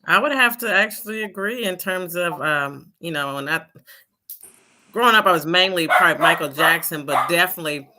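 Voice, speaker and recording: Male co-host, very bright voice, measured and reflective, hedges a lot. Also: on the high side, a little hiss or hum. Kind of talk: casual chat.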